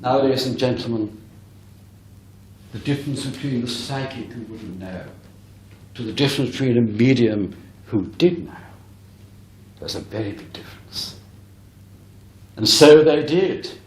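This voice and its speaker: A man's voice: mid-range voice, lively intonation, measured pace, pauses often, a little hiss or hum. A man giving a spiritualist lecture as a medium, telling a story earnestly and emphatically to a live audience. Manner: earnest, emphatic, often addresses the audience directly. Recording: echoey hall recording.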